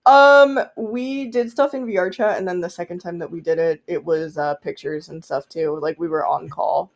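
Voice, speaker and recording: A woman chatting casually on a podcast, telling stories in an animated way, acting out what people said and laughing often. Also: fairly low pitch, moderate pace. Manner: animated storyteller, acts out quotes, laughs often. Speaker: podcast guest. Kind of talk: casual chat.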